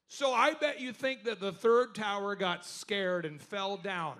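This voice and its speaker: A man with a fairly high voice speaks to a live workshop audience. He hosts with animated storytelling, turning to the room with questions. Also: normal speed, hardly any pauses. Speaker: host.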